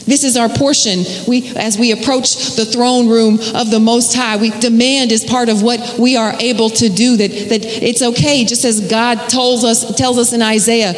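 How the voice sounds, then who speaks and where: A woman preaching a sermon with rhythmic repetition and folksy, conversational asides. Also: fairly high pitch. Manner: rhythmic, repeating phrases for emphasis. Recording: echoey hall with long reverb.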